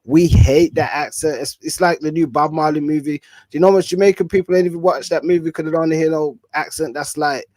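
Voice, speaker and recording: Relaxed man with a dry close sound. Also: fairly high pitch, brisk, few pauses, no echo. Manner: relaxed, reflective, trails off with fillers. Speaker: podcast co-host. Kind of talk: casual chat.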